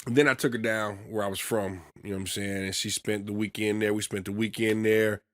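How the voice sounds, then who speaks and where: A young adult man, co-hosting a casual podcast about fatherhood and telling stories in a relaxed, slangy way. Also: on the low side, fairly quick, no room sound, studio quality. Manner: relaxed slangy storytelling, repeats "you feel me".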